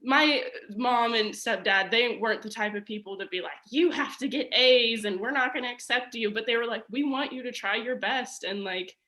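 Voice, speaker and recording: A young woman with a bright, forceful voice that sits a little high, telling her story as a podcast guest. She is animated, says "like" constantly, and acts out the people she quotes. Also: moderate pace, hardly any pauses. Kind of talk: casual storytelling conversation.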